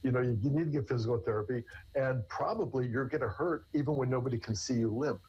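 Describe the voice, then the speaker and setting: A man's voice: mid-range voice, fast talker, a little mellow, husky, highs cut off. A man, a therapist, explaining in conversation with everyday examples in an earnest way. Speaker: therapist guest. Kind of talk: conversational interview answers.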